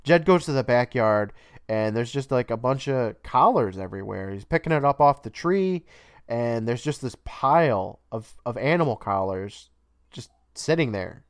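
A man's voice: medium pitch, expressive, normal speed, clean tone, no room sound, clean studio sound. A man co-hosting a podcast, recapping a show casually, swearing freely and laughing often. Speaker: podcast co-host.

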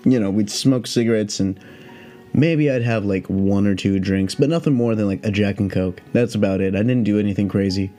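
Male podcast host, low mellow voice, loose profane rambling chat, faint music behind. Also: brisk. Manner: rambling, profane, heavy on "like" fillers. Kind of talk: casual solo podcast chat.

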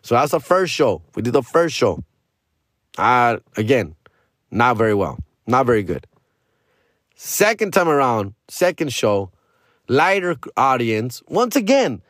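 A man's voice: medium pitch, sing-song, a little slow, no room sound. Slangy man telling a story, dry sound. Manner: loose, slangy and repetitive, drops in "bro" and "fool". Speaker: comedian podcast host. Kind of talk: casual storytelling monologue.

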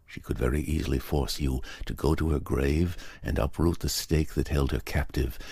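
A man's voice: rumbling low, steady tone, normal speed, gravelly, mellow, breathy edge, dry recording, clean studio sound, full character voice. A man doing a grave, ominous occult investigator. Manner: solemn, pleading and ominous. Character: intense male occult investigator, grave and urgent. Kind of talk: audiobook character reading.

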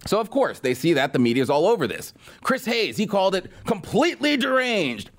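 A man's voice: sits high, very animated, brisk. A man hosting a political commentary show, talking in a sarcastic, mocking way. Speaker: podcast host.

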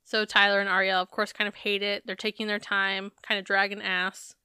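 A woman co-hosting a podcast recaps a reality show briskly, her medium-pitched voice sharp, clear and resonant with little pitch movement. Her talk is casual and chatty, with some profanity and laughter, in clean studio sound without room noise.

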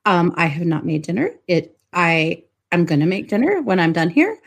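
A woman's voice: on the low side, very animated, moderate pace, creaky. A woman co-hosting a live podcast stream, chatting casually, laughing often and trailing off with fillers. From United States. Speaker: podcast co-host.

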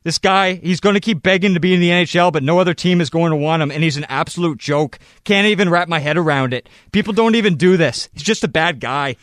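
A man voicing a furious young Canadian hockey player in a loud, indignant rant in clipped bursts. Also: fairly high pitch, fast talker, few pauses, dry recording, clean studio sound, natural voice. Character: furious young male hockey player ranting about a rival. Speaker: radio show host.

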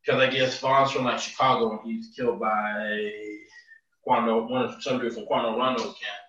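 A man's voice: medium pitch, flat delivery, moderate pace, fairly bright tone, distant mic, slight background noise. A man chatting casually, recapping news in laid-back slang. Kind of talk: casual chat. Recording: echoey room, off-mic, dull lo-fi.

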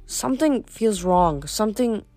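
A woman's voice: mid-range voice, lively intonation, measured pace, darkish tone, soft background music. A woman voicing an earnest, uneasy teenage boy hero in a read-aloud storybook.

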